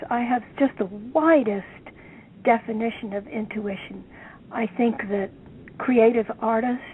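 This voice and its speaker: A woman author being interviewed, speaking in a slow, thoughtful, musing way over a phone line. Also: fairly high pitch. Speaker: author guest. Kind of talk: reflective interview talk. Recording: tinny phone line, faint noise.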